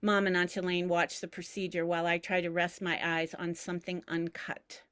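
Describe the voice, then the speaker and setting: A woman reading aloud from her personal memoir, measured and reflective, with deliberate pauses. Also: on the low side, level tone, fairly bright tone, smooth, dry recording, clean studio sound. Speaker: memoir reader.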